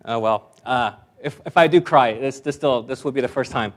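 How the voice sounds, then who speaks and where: Self-deprecating pastor, emphatic at the close. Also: male voice, medium pitch, moderate pace. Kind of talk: sermon.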